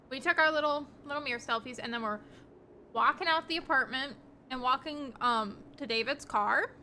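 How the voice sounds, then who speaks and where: A woman's voice: high voice, pushed and bright, slight background noise. A young woman streaming live, chatting casually with her viewers in a rambling, giggly way with lots of ums.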